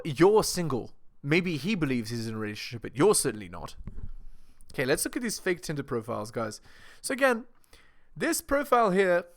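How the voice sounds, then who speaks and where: A man talks over clips in a reaction video, his fairly high voice swinging up and down with lively intonation. He lectures his audience and keeps asking them rhetorical questions. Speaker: video commentator. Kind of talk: reaction commentary.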